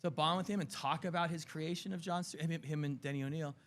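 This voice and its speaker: A middle-aged man, a comic book writer, chatting as a guest in an interview, telling animated stories and acting out quotes. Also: fairly high pitch, quick pace. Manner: animated storyteller, acts out quotes, laughs often. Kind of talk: casual interview chat. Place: convention floor TV set.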